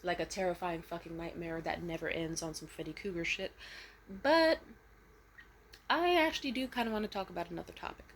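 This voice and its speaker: A young woman vlogging a casual storytime rant, swearing freely and switching to high, loud voices when she quotes people. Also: a little fast. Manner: animated, profane, jumps into high voices when quoting.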